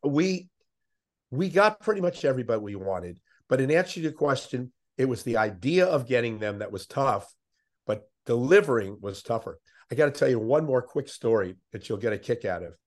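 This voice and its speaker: An older man, a veteran sports interviewer, telling animated anecdotes as a podcast guest. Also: mid-range voice, moderate pace. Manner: animated anecdotes, puts on voices of others. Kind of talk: conversational storytelling.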